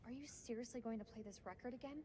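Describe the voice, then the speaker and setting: A woman's voice: a little high, fast, mellow, lightly acted. An actress playing a blunt, impatient woman survivor in a game scene. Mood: terse. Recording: reverberant game scene with noise.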